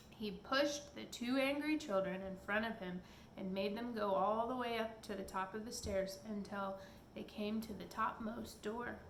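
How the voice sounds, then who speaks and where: A woman's voice: mid-range voice, unhurried, a little hiss or hum. A woman reading a children's story aloud in a casual way, in an echoey room. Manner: casual, stops to chat with someone nearby. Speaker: reader. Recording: echoey room with faint background.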